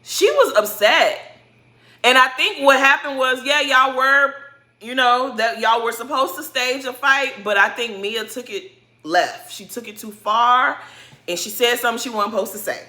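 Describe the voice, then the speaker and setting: A woman's voice: fairly high pitch, normal speed, bright, forceful tone. A woman giving a casual, blunt recap of a reality TV episode, swearing freely and full of slang. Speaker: recap host.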